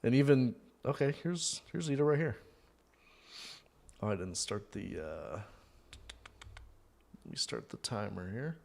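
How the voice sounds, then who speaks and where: A man's voice: medium pitch, measured pace, vocal fry, long pauses. Chatty man reacting to a live match. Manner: chatty, rambling, thinks aloud with fillers; bursts into loud disbelieving shouts at goals. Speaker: fan host of a live watchalong.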